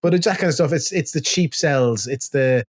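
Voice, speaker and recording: A man's voice: fairly high pitch, normal speed, slightly rough. A young adult Irish man co-hosting a podcast, telling stories in a casual chat, acting out the exchanges he quotes and swearing freely. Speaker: podcast co-host.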